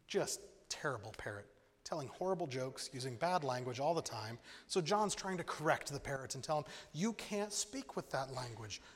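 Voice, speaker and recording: A man preaching a sermon in an animated way, acting out the voices in his stories. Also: fairly high pitch, husky. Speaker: pastor. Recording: long hall reverb.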